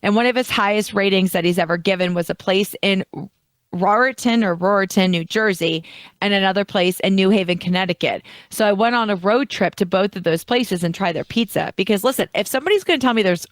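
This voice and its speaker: A woman's voice: medium pitch, fairly quick, no echo. A woman from Philadelphia co-hosting a podcast, chatting casually and rambling with a lot of laughter. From Philadelphia, USA. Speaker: podcast co-host. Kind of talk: casual chat.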